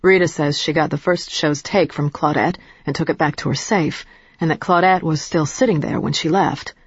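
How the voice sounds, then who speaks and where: A woman reading the lines of a blunt male club performer, speaking plainly in a low, husky voice. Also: fairly even intonation, moderate pace, no room sound, dull audio. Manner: matter-of-fact, plain.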